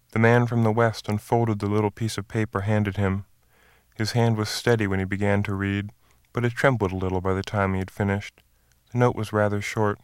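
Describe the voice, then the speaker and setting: A man narrating a classic short story in a measured, even reading voice. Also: lowish voice, clear, resonant tone, dry recording, studio quality.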